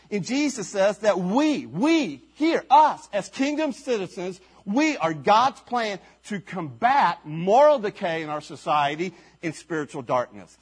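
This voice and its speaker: A man's voice: sits high, very animated, measured pace, hardly any pauses, husky. A man preaching a sermon as pastor at a church service, speaking emphatically with rhetorical questions and repeated phrases.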